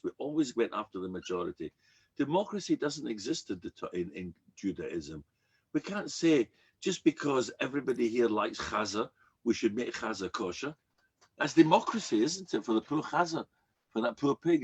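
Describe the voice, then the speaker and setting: An older man, a rabbi, giving an emphatic, animated sermon with frequent repetitions. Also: mid-range voice, slightly rough.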